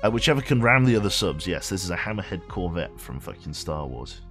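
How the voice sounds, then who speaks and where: A man's voice: low voice, very animated, fairly quick, fairly bright tone, faint music behind. A man streaming a game in a rambling, chatty way, reading game text aloud and swearing offhand. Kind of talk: casual live game commentary.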